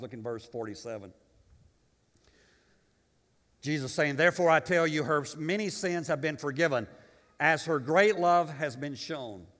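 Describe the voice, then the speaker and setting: In a large hall, a male pastor preaches a sermon, swinging between booming proclamation and quiet, conversational asides. He often repeats his words.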